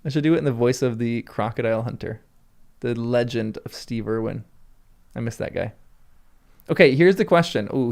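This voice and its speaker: A man with a gravelly, slightly creaky voice chats casually on a livestream. He answers comments from viewers in a loose, rambling way and laughs often. His pitch sits in the middle range for a man. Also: darkish tone. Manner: chatty, answers live chat comments with frequent laughs. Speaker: livestream host.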